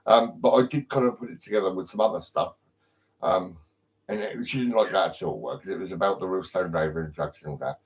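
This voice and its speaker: A man from England chats live into his phone from home in a lowish voice. He rambles, restarts his sentences and swears freely. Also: brisk, poor audio. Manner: rambling, full of ums and restarts, heavy swearing. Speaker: livestreamer. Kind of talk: rambling live-stream chat.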